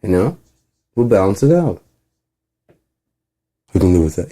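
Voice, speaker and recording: A man's voice: fairly low pitch, sing-song, measured pace, long pauses, dark tone. A man rambling in a casual monologue, profane, acting out both sides of imagined conversations. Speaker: channel host.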